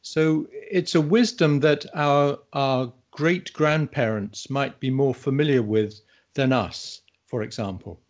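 A man who is a guest on a casual podcast, an English teacher giving thoughtful, measured explanations. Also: mid-range voice.

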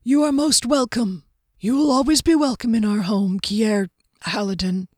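A woman's voice: on the high side, fairly even intonation, moderate pace, darkish tone, dry recording, clean studio sound, natural voice. A woman voicing a reserved, secretive male swordsman who speaks formally and earnestly.

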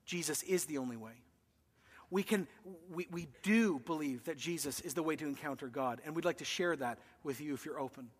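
A male pastor preaching a sermon, emphatic, swinging between loud declarations and hushed asides. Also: fairly high pitch, in a large hall. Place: church.

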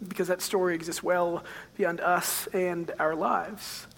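High, bright-voiced male preacher in a hall. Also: a little slow, gravelly. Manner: animated storytelling, swings between quiet and loud. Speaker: pastor. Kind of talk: sermon. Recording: long hall reverb.

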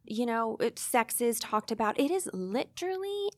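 A woman's voice: fairly high pitch, very animated, moderate pace. A woman in her early forties co-hosting a podcast, talking candidly and repeating words for emphasis. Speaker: podcast co-host. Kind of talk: candid casual chat.

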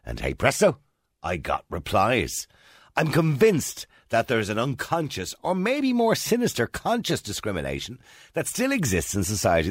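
A man's voice: fairly low pitch, husky, no echo, clean studio sound. A man in his sixties with a mild Dublin accent, hosting a chatty radio phone-in and putting questions to listeners. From Ireland. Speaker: radio presenter. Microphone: studio microphone.

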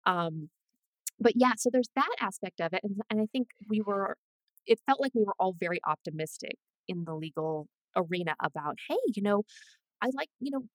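A woman career coach chatting as an interview guest, animated and full of quick asides. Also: lowish voice, no echo. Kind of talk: casual interview chat.

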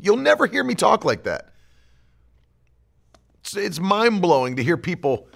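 A man's voice: high voice, big pitch swings, normal speed, gravelly, fairly bright tone. A man preaching a sermon as pastor, emphatic and driving his points home with repeated declarations.

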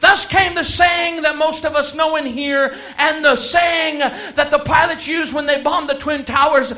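A man preaching a sermon, who shouts some phrases and slows right down to stress others. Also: extremely high pitch, steady tone. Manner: emphatic, swings from shouting to slow stressed words.

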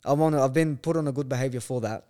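A man's voice: medium pitch, fast, dark tone. A man, a podcast guest telling a story bluntly, with lots of swearing and slang. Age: 20s. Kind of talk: casual chat.

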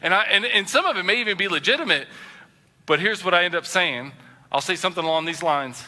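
A man preaching a sermon as pastor, animated and acting out the voices of the people he quotes. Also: a little high, quick pace, long reverb tail.

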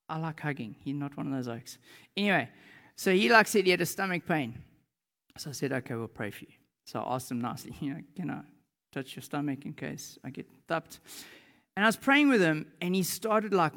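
Guy preaching in a church hall, lots of echo, tells stories and gets loud in the big parts. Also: fairly high pitch. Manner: animated storytelling, shouting in reenactments. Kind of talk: sermon with personal stories. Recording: long hall reverb.

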